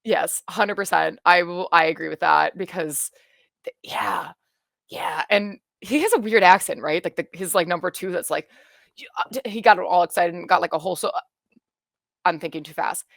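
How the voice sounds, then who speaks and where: Rambling excitable woman, dry close mic. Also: on the low side, moderate pace, creaky, dry recording. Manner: rambling and excitable, many fillers and restarts. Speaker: guest watching a series for the first time. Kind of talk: casual chat.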